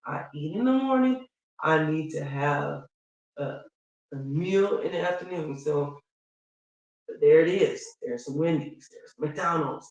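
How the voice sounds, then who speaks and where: A woman from Chicago chatting casually with viewers, telling stories in an animated way and reading out comments. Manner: animated storytelling, quick pitch swings, laughs often. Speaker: vlogger. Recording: roomy and distant from the mic.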